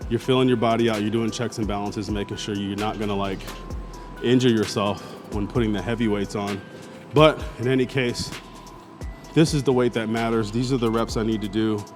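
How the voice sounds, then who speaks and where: A man's voice: on the low side, steady tone, a little fast, music in the background. A man talking casually to the camera between heavy squat sets at the gym. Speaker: fitness vlogger. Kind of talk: casual gym vlog talk.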